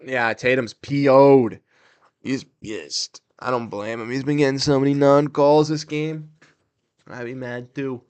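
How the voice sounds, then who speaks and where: A young man hosting a casual livestream watch-along, reacting to plays and talking with his chat in quick, excitable bursts. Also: mid-range voice, clear, resonant tone. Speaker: livestream host. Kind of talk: casual live game commentary.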